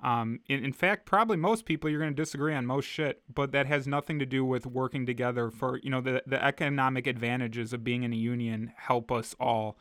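A man's voice: mid-range voice, steady tone, fairly quick, hardly any pauses, a bit bright, no room sound, clean studio sound. A man co-hosting a podcast, talking earnestly and with frustration, often restarting his sentences. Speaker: podcast co-host. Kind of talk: casual podcast chat.

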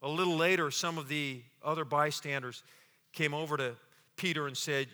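A man's voice: a little high, fairly even intonation. Fiery preacher man in a reverberant hall. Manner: swings from loud, fiery exclamations to hushed, slow delivery; repeats words and restarts, acts out quotes. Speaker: pastor. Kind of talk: sermon.

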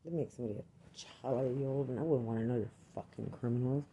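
A man's voice: medium pitch, brisk, mellow, a little hiss or hum. A man and army veteran delivering an angry, accusatory rant full of swearing. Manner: furious, accusatory, swears constantly.

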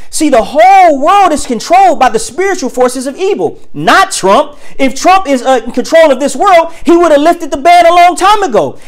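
A preacher talking to listeners in a casual, colloquial way, firing off rhetorical questions and slowing down to read scripture with emphasis. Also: high-pitched. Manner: reads scripture slowly and emphatically; casual colloquial speech with many fillers. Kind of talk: preaching to an audience.

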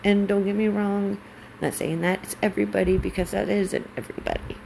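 A woman's voice: medium pitch, fairly even intonation, fairly quick, gravelly, darkish tone, slight background noise, poor audio. A woman in her forties, a military spouse, talking candidly and emotionally about her own life, blunt and swearing when angry. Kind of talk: candid personal monologue.

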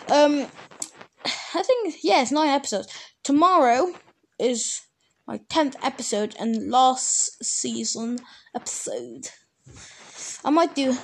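A woman hosting her own podcast, chatting casually and rambling, often stopping to correct herself. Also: sits high. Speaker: podcast host. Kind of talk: casual solo podcast chat.

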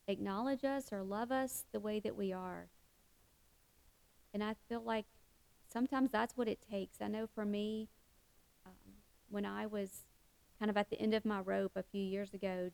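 A woman's voice: mid-range voice, vocal fry, a little mellow, no echo, low-quality recording. A middle-aged woman giving a heartfelt devotional talk, earnest, with many fillers and restarts. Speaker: Christian speaker.

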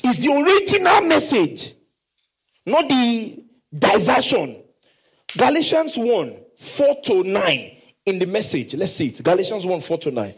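Man, pastor, emphatic sermon, high voice, husky tone, wide swings in pitch. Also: big pitch swings, rough recording. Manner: emphatic, drawn-out scripture reading, call and response. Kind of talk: preaching a sermon.

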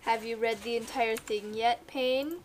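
Playful higher-voiced woman gamer. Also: steady tone, measured pace, a little hiss or hum. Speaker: gamer on a podcast. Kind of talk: casual chat while playing.

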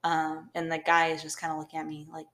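Crowd noise fills the background as a young woman co-hosting a podcast tells a long, rambling story full of "like." Her low voice stays monotone, and she talks fast in this casual chat.

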